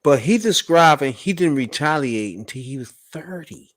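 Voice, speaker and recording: A man's voice: fairly high pitch, animated, moderate pace, a bit bright. Blunt, incredulous man hosting a podcast. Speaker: podcast host. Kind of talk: casual reaction commentary.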